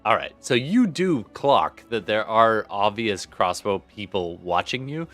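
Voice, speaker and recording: Sex: man. Role: lively, low-voiced game master. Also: unhurried, soft background music. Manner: laid-back, chatty, laughing. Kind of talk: narrating a tabletop game.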